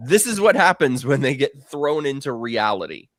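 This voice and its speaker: A man hosts a live talk stream, speaking bluntly and emphatically and swearing freely. His pitch rises and falls in lively swings. The recording is dry and close, with no room sound. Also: moderate pace, no echo. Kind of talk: casual live-stream chat.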